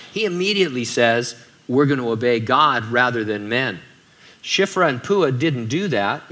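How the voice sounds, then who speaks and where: A man delivers a sermon in a bright, forward voice. He keeps it conversational and breaks in with joking asides, at a medium pitch. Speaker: pastor.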